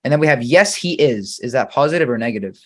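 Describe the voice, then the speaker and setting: A male English teacher walks through grammar examples in a patient, deliberate way. He reads each sample sentence slowly and then quizzes the listener on it. His voice sits at an ordinary middle pitch. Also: animated, a bit bright. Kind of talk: grammar lesson.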